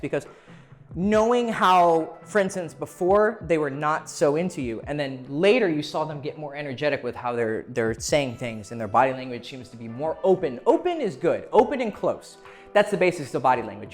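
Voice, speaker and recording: A man giving casual, blunt dating advice to camera, swearing freely and acting out what people say. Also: a little high. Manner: blunt and profane, acting out quoted voices.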